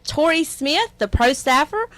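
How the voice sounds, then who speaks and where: A woman's voice: sits high, expressive, measured pace, fairly bright tone, dry recording. A woman from Louisiana with a country twang, hosting a casual outdoors radio chat. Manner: chatty, easy laughs. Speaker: host.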